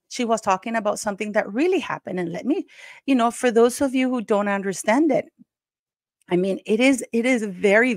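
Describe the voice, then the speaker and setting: A Canadian woman with a slightly high voice hosts her own YouTube channel, delivering heated, emphatic commentary. She addresses her viewers directly as "guys," and the audio is studio quality with no room sound.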